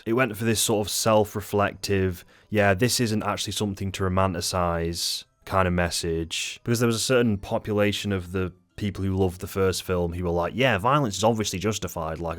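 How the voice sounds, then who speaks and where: A man angrily ranting through an unscripted film review, swearing often and rambling. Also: sits low. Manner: angry, profane, rambling. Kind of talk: unscripted rant-style review.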